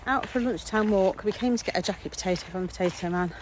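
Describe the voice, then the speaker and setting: A woman's voice: mid-range voice, fast, noisy background. A woman chatting casually in a daily vlog, rambling about her day while walking outdoors, sometimes out of breath. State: out of breath at times. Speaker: vlogger.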